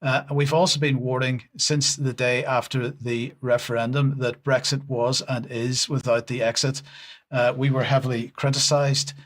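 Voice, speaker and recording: A man reads and comments on the news. He pauses often with fillers and slips in dry sarcasm. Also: medium pitch, little pitch movement, a bit bright. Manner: hesitant, sarcastic, many fillers. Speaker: news presenter.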